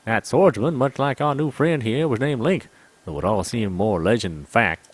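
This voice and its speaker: A man's voice: mid-range voice, lively intonation, normal speed, slightly rough, dry recording. A man voicing a young female desert chief in a game, speaking in a formal, commanding way. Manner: formal, imperious.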